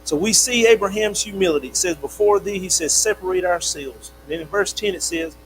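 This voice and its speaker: A man's voice: sits high, brisk, rough recording. A middle-aged man teaching a Sunday school lesson in a folksy storytelling manner, acting out quotes as he goes. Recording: steady mains hum behind.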